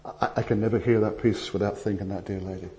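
A man preaching a sermon, telling stories with animated swings between loud emphasis and hushed asides. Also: on the low side, fast. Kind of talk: sermon with anecdotes.

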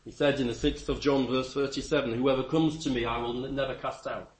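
A man's voice: fairly even intonation, brisk. Emphatic preacher man. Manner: emphatic, stammering restarts, sudden rises in pitch and volume. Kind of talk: sermon.

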